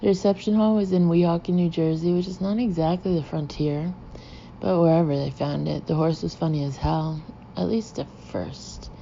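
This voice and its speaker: A woman's voice: on the low side, fairly even intonation, moderate pace, creaky, mellow, slight background noise. A woman reading a novel aloud in the first person, with dry, wry storytelling. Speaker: audiobook reader. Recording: muffled lo-fi recording.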